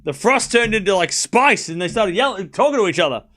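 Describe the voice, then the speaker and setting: A man hosting a live tennis watchalong stream, chatting casually and excitedly, laughing often and thinking out loud. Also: high-pitched, a little fast. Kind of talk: live commentary and casual chat.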